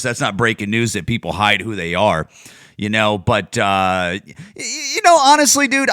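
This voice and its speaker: A man rants through his own podcast, profane and rambling, restarting his thoughts often. His pitch swings widely as he talks. The recording is dry and close. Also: sharp tone, no echo. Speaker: podcast host. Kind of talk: casual rant.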